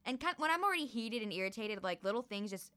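A young woman telling a story in a casual chat, animated and laughing often. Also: a little high, quick pace.

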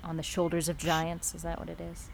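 A woman with a low voice and a gravelly, fry-tinged edge hosts a podcast. She talks in a relaxed, conversational way, teasing at times and thoughtful at others. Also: brisk, a little hiss or hum. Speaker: podcast host. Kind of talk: casual chat.

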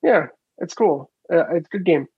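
A man's voice: a little high, animated, moderate pace, slightly rough, no room sound, narrow, tinny audio. A man co-hosting a casual video game podcast, rambling with many fillers and restarts and casual swearing. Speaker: podcast co-host. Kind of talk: casual chat.

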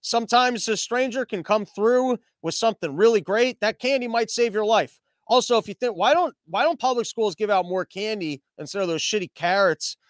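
A man's voice: sits high, moderate pace, no room sound. A young man hosting a podcast, casually riffing on news headlines with sarcasm and profanity, and often mocking people in put-on voices. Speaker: podcast host.

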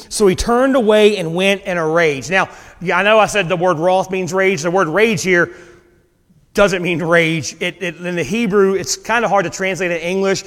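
A male preacher giving a sermon, retelling a scripture story in a casual, animated way with dramatic pauses. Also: sits high, in a large hall.

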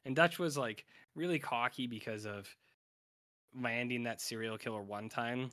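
A man's voice: medium pitch, unhurried, a bit bright, clean tone. A man co-hosting a podcast, recapping a TV episode in casual chat, rambling and full of filler. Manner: rambling, acts out characters' lines in quotes. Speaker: podcast co-host.

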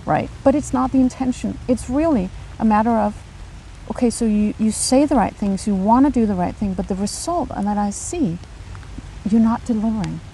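A woman in her forties from Denmark, speaking with a Danish accent as an architect and urban planner in a casual podcast conversation, emphatic and quick to laugh. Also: mid-range voice, gravelly, a little hiss or hum, poor audio. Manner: animated, emphatic, laughs often.

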